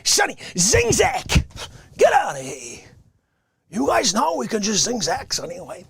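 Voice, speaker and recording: A man putting on a hot-tempered, indignant Bronx character with a Bronx accent, yelling complaints in an improvised comedy bit. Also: high voice, wildly swooping pitch, measured pace, pitched above the performer's own voice, full character voice. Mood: exasperated. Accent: New York Bronx, put on. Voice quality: gravelly, raspy, explosive shouting.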